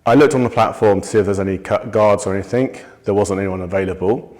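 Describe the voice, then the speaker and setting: A man giving a testimony, recounting a personal incident in a measured, steady way with small restarts. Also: on the low side.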